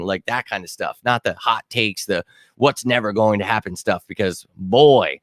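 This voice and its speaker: A man's voice: fairly low pitch, moderate pace, a bit bright, no echo. A man hosting a casual sports talk livestream, ranting in an exasperated tone and talking to his chat. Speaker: host of a sports talk show.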